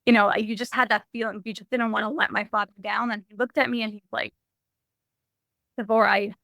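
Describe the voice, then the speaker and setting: A young adult woman sharing a personal story in a podcast interview, animated and full of "like" and restarts. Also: fairly high pitch, quick pace, creaky, no room sound. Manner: animated, heavy use of "like", frequent restarts. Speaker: podcast guest.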